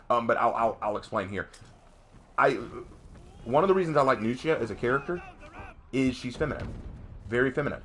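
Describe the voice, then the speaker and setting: A man streaming a game and commenting casually, ranting emphatically with frequent restarts. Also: mid-range voice.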